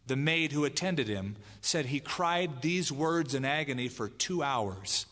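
A man's voice: medium pitch, animated, unhurried, hardly any pauses, fairly bright tone. A man preaching a sermon as pastor, emphatic, dramatizing the lines he quotes. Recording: long hall reverb.

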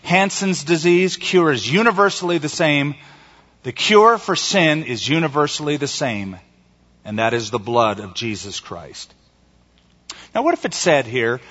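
A male pastor preaching a sermon emphatically, slowing down and stretching out the key words. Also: on the high side, very animated, fairly bright tone. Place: church sanctuary. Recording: echoey hall, slightly dull sound.

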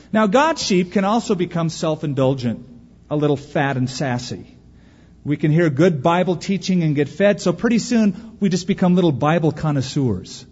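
A husky-voiced man preaching a sermon, animated and dramatic, his words rolling through a big reverberant church hall. The sound is a little muffled and dull. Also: on the high side. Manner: animated preaching with acted-out quotes and dramatic pauses. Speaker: pastor. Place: large church auditorium.

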